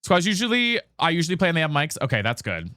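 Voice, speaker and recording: A man's voice: fairly high pitch, huge pitch swings, quick pace, pushed and bright, no room sound, clean studio sound. A man streaming a game live, chatting casually with viewers, swearing and repeatedly asking teammates if they have mics. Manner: chatty, swears, calls the audience girl and guys. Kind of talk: casual live-stream chat while gaming.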